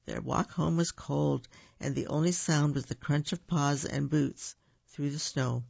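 A man gently reading picture books aloud, explaining things as he goes for a young audience. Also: a little high, steady tone, creaky, dry recording, highs cut off. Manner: gentle, unhurried, explains to children. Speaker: storyteller. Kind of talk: picture-book read-aloud.

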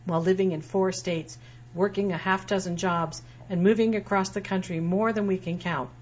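A woman's voice: on the low side, fairly even intonation, normal speed, a little mellow, breathy edge. A woman writer reading her own personal essay aloud in a wry, dryly humorous way. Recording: dull lo-fi sound with faint hum.

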